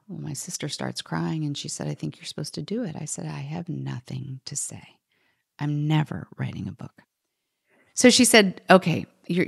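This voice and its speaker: A middle-aged woman telling a personal story as a podcast guest, animated, quoting others and sometimes dropping to a whisper. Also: sits low, gravelly. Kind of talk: storytelling in conversation.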